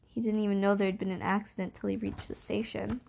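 Woman narrating a storybook, steady. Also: medium pitch, quick pace, vocal fry. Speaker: audiobook reader. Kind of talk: scripted narration.

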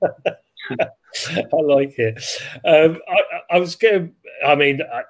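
A man's voice: fairly high pitch, takes it slowly. A man hosting a podcast, asking questions with hesitant restarts and fillers. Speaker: podcast host. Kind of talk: casual interview.

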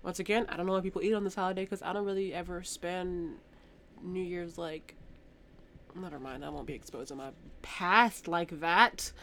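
A woman's voice: fairly low pitch, fairly even intonation, normal speed, a bit bright, slight background noise. A woman co-hosting a podcast in casual chat, trailing off with fillers and correcting herself as she goes. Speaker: podcast co-host.

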